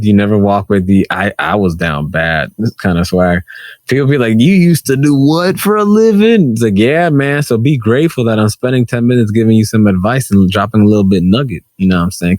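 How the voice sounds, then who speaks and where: In clean, dry studio sound, a man co-hosting a casual podcast gets into argumentative banter and animated storytelling. He acts out other people's lines, squealing high when quoting them.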